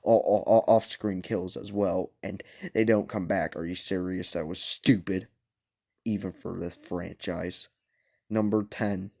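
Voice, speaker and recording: Hushed young man with a gravelly voice. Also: low voice, steady tone, a little slow. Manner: speaks quietly to avoid waking parents, blunt opinions. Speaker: vlogger reviewing movies. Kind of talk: hushed casual movie ranking. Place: home at night.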